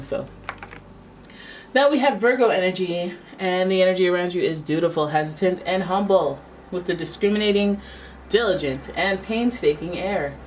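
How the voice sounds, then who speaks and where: Woman doing a tarot reading, kinda low voice, chatty and playful, mic a bit far off w faint hiss. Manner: chatty, playful, exclaiming at cards. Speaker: tarot reader.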